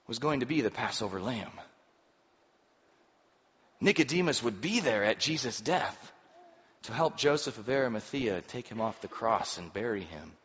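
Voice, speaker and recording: Animated male pastor preaching in a hall. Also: mid-range voice, slightly rough. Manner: animated, imagines scenes aloud. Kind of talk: sermon. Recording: muffled reverberant hall recording.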